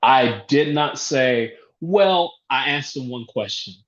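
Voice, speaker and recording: A man tells a lively story from the front of an event room, acting out both sides of a phone call and laughing now and then. His voice sits at an ordinary pitch and echoes around the room. The sound is a bit dull and lo-fi. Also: a little slow. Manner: animated storyteller, acts out phone calls, laughs often. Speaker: real estate investor. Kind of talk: conference talk storytelling.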